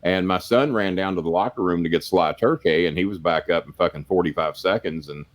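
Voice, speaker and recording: An older man with a very low voice tells long stories in a loose, profane, plain-spoken way. He rambles with many fillers and restarts. He is a guest on a podcast. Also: a little fast. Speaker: podcast guest, former wrestling manager. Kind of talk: casual storytelling.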